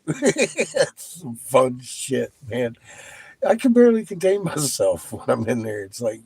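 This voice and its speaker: A man hosting his own channel, talking casually to viewers, animated and profane, laughing often. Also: mid-range voice, a little slow, gravelly, husky, dry recording. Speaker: channel host.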